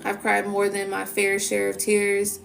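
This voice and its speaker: A woman's voice: medium pitch, monotone, measured pace, vocal fry, soft background music. A woman talking to her viewers as a spiritual energy reader in a casual, emphatic monologue full of "you know" and "so it's like". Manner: emphatic, repetitive fillers.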